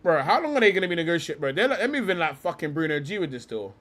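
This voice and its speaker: Animated, profane young man. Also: on the high side, rapid-fire. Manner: animated and profane, heavy slang. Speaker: livestream host. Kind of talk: profane livestream rant.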